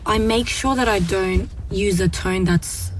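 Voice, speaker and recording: A woman speaking calmly and gently as a parent guest, talking through how she handles her children. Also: mid-range voice, unhurried, far from the mic, a little hiss or hum, rough recording. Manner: calm, gentle, reflective. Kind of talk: casual discussion.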